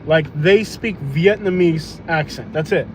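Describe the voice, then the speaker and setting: Speaking at a measured pace in a somewhat high voice, a man jokes around and chats loosely on a phone live stream while driving for food delivery. The car cabin he's in on the road is noisy.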